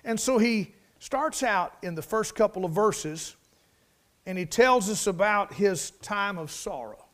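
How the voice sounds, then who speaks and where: Pastor, male, higher-pitched voice, emphatic repetitive sermon delivery. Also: lively intonation, a little slow, a bit bright. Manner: preaching with rising emphasis and repetition; prayerful, lowered voice in prayer.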